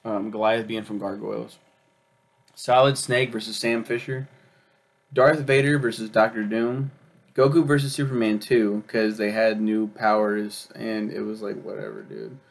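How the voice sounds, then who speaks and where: A man's voice: on the low side, flat delivery, unhurried. A young man chatting casually as he reviews a show, rambling with lots of ums and uhs and swearing freely. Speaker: video reviewer. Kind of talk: casual chat.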